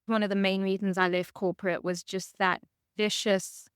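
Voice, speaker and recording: A woman's voice: mid-range voice, flat delivery, normal speed, smooth, no room sound, studio quality. A woman hosting a podcast interview, chiming in with agreeable short remarks and her own stories. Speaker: podcast host. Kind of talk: casual interview chat.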